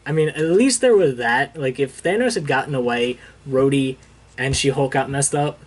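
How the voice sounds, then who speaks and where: A man's voice: mid-range voice, moderate pace. A young man casually recapping a comic book issue, rambling with fillers and acting out the characters' lines as he quotes them. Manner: rambling retelling with filler words and quoted dialogue.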